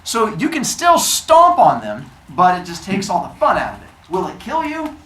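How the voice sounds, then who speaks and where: Man, storyteller, comic, chatty, lively intonation, echoey room, distant mic. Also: sits high, moderate pace, slight background noise. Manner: comic, conversational. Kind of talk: animated myth retelling to children.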